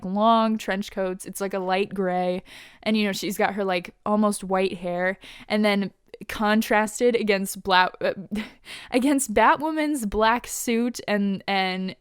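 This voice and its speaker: A woman's voice: medium pitch, smooth, no room sound, studio quality. A woman hosting a podcast, casually recapping an episode, laughing often and paraphrasing characters' lines. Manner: giggly, laughs often while retelling scenes; quotes characters in quick paraphrase. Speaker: podcast host.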